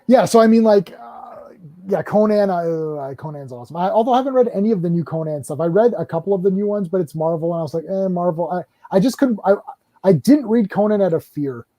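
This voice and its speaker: Podcast host, male, high and mellow voice, excitable, stammers and restarts, acts out quotes. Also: a little fast, no echo. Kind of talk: casual podcast chat.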